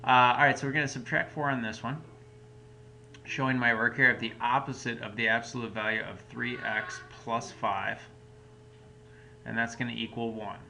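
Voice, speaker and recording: Bright-voiced man teaching math. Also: mid-range voice, steady tone, moderate pace, gravelly. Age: adult parent. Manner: patient, explains step by step, casual fillers. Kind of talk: recorded math lesson walkthrough.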